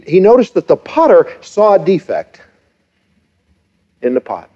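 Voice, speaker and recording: Pastor telling a story in a sermon. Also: male voice, fairly high pitch, dull audio. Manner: storytelling, shifts between lively and hushed delivery.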